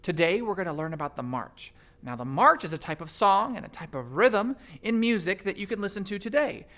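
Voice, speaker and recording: A man's voice: high voice, very animated, a little fast, bright, forceful tone. A man teaching an upbeat elementary music lesson, energetically counting off beats and chanting rhythm syllables for children to copy.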